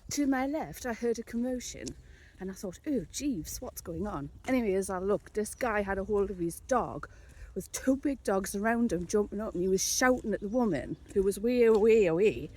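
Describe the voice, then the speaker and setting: A woman's voice: mid-range voice, moderate pace, warm tone. A woman with a Geordie accent, telling a casual story as a vlogger in a blunt, sweary, sardonic way. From North East England.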